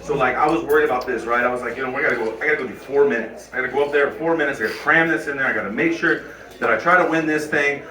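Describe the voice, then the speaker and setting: A middle-aged man doing a stand-up comedy set, crude and brash, talking conversationally with sudden yelled bits. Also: mid-range voice, very fast. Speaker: stand-up comic. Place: comedy club stage. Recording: echoey club from a distant mic with crowd.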